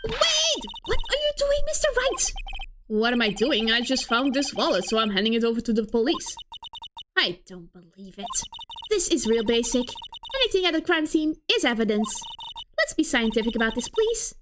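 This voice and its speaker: A woman's voice: on the high side, big pitch swings, normal speed, noisy background. A woman voicing an eager, earnest young woman who is keen on science. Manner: bright and eager. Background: game music.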